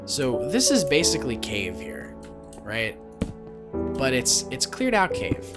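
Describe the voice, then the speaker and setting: Rambling, animated let's play host. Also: male voice, mid-range voice, slow pace. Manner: rambling, self-interrupting, excitable. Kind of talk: casual gameplay commentary. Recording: game music playing behind.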